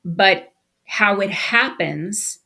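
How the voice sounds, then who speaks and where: A woman's voice: mid-range voice, drawn-out words, creaky, husky. A woman co-hosting a podcast, telling a story in casual conversation and acting out the people she quotes. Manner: animated storyteller, acts out quoted voices. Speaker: podcast co-host.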